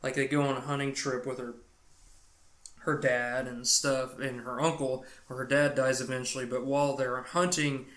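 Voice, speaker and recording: A man's voice: medium pitch, level tone, moderate pace, fairly bright tone. Man, podcast co-host, loose cursing recap, roomy echo. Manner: profane, rambling storytelling. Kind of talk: casual movie recap.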